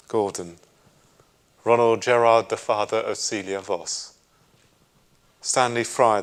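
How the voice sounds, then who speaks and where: A middle-aged man with a British accent, a rabbi leading a synagogue service and reading memorial names in a measured, solemn way with gentle asides. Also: fairly low pitch. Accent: British English. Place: synagogue sanctuary.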